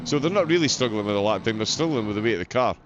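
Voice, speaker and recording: A man's voice: on the low side, expressive, very fast. Scottish male race caller, casual stream host, filler-heavy; muffled audio with engine noise underneath. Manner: chatty, frequent uh fillers, self-deprecating. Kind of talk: live sim-racing commentary. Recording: dull lo-fi audio with loud race car noise.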